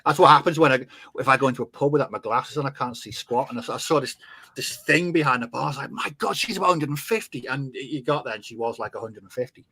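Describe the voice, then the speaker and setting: A man from Britain hosting a relaxed podcast conversation. He talks in a chatty, halting way, with plenty of fillers and restarts, at a middling pitch. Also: breathy edge. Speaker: podcast host. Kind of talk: casual podcast chat.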